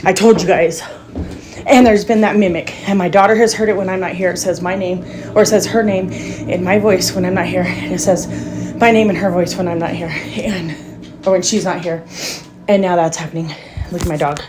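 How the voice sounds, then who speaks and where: A woman's voice: on the low side, fairly even intonation, normal speed, noisy background. A middle-aged mother filming inside her house on a phone, scared and teary, talking in a panicky rush and repeating herself. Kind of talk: amateur home video. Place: house, indoors, upstairs hallway and rooms. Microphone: handheld phone camera.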